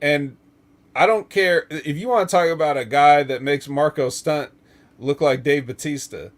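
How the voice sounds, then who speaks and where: A fairly high-voiced man hosting a loose wrestling podcast. He rambles through his opinions, laughs often and swears without a second thought. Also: moderate pace. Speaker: podcast host. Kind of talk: casual wrestling talk show chat.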